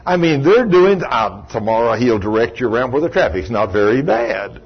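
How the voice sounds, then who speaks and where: Husky-voiced man preaching a lively sermon. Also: medium pitch, moderate pace. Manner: animated storytelling, acting out quoted voices. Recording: dull lo-fi recording.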